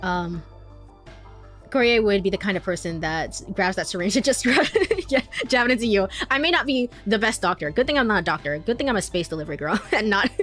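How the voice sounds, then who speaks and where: A young woman streamer chats loosely between passages of a visual novel, rambling through her sentences with lots of fillers and giggles. Her pitch bounces around in a lively way. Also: brisk, faint music behind. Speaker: game streamer. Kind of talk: casual chat while reading a visual novel aloud.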